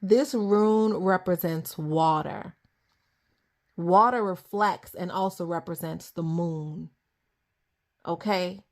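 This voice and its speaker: A young adult woman giving a casual tarot reading to camera at her table, chatty and easily excited, laughing often. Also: on the low side, slow pace. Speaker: tarot reader.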